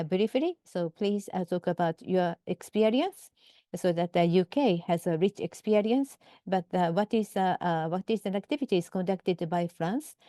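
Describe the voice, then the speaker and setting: A woman moderating a webinar, halting, with heavy fillers and repeated phrases. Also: fairly low pitch, mellow, no echo, clean studio sound.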